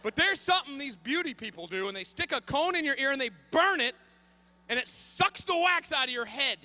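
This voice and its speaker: High, bright-voiced comic storyteller man. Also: a little fast, no echo. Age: 30s. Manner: animated, frantic, breaks into shouting. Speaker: comedian.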